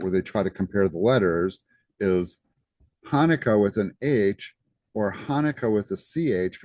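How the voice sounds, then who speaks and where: Very low-voiced chatty male lecturer. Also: darkish tone, dry recording. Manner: conversational, chatty, lots of "right?" asides. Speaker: college instructor. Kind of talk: recorded lecture.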